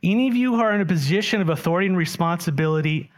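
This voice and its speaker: A man preaching a sermon, animated and often putting questions to the congregation. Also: high-pitched, rapid-fire. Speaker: pastor.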